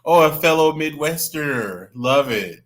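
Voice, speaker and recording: Chatty, bright-voiced man on a livestream. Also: on the high side, animated, unhurried. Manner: chatty, greets viewers by name, gossipy. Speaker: livestream host. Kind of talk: casual livestream chat.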